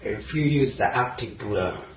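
Halting man giving a distant, roomy dharma talk. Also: mid-range voice, lively intonation. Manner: halting, many pauses and fillers, searching for words. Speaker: Zen teacher. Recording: roomy, distant, dull lo-fi recording.

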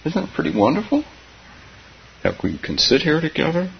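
Gravelly, soft-spoken meditation teacher, man. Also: on the high side, wildly swooping pitch. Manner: soft-spoken, halting, laughs often between phrases. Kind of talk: dharma talk. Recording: dull, slightly hissy recording.

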